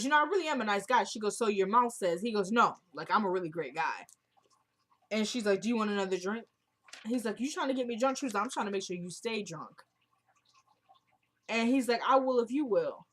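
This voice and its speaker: A woman's voice: mid-range voice, a bit bright. A woman casually recapping a TV episode for viewers, retelling each scene line by line with "he goes, she goes" and stopping to give her own blunt opinions. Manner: chatty and opinionated, talks straight to viewers.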